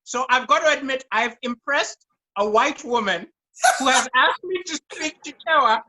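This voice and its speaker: A man's voice: very high voice, animated, moderate pace, bright, forceful tone, a little hiss or hum. A man from Malawi chatting as a comedy guest, telling emphatic stories. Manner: storytelling, emphatic. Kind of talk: comedic chat.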